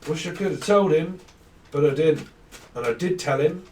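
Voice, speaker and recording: A man's voice: a little high, normal speed, a little mellow, a little hiss or hum. A man doing a casual tarot reading, rambling and free-associating names and laughing often. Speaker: tarot reader. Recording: echoey room, mic at a distance.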